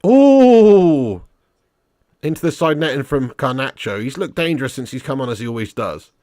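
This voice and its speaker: A man hosting a live football watch-along, excitable and sweary, reading out fan messages and calling listeners lad and mate. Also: medium pitch, fast, dry recording, studio quality.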